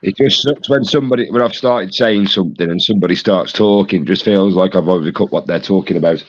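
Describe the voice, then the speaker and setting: A man's voice: low-pitched, quick pace, highs cut off. A British man in casual chat, wry and rambling, often restarting his sentences.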